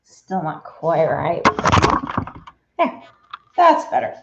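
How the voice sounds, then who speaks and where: A woman's voice: low voice, wildly swooping pitch, drawn-out words, creaky, very noisy. A woman hosting a casual quilting livestream, chatty and laughing often as she greets viewers by name. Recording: echoey room, dull lo-fi sound.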